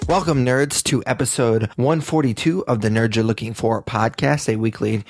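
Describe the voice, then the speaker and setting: A man hosting a podcast, chatting casually and telling animated stories. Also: on the low side, moderate pace, soft background music. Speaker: podcast host. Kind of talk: casual chat.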